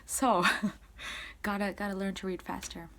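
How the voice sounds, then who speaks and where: A young woman excitedly recapping a concert she attended, in casual rambling speech full of "like". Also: mid-range voice, unhurried. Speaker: concert-going fan.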